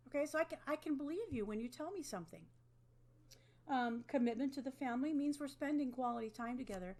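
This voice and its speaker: A woman's voice: sits high, expressive, brisk, a little mellow. A woman teaching an online class to a webcam, talking in a conversational way and often checking in with "okay?". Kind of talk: online lecture.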